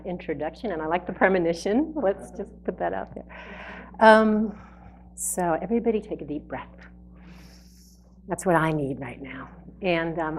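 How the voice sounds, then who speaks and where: Gentle woman guiding a breathing exercise. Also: fairly low pitch, slight background noise. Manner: gentle, guiding, laughing lightly. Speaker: speaker leading a breathing exercise. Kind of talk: talk with guided breathing. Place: indoor event hall before a live audience.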